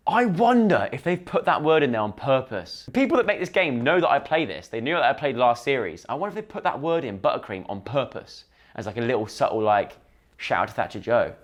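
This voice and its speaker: A man's voice: medium pitch, lively intonation, quick pace. Chatty young man playing a game. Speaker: gaming YouTuber. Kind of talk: let's-play commentary.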